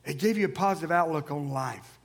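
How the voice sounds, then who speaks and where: Male pastor, high rough voice, animated church sermon with loud calls to the congregation. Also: a little fast. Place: church sanctuary.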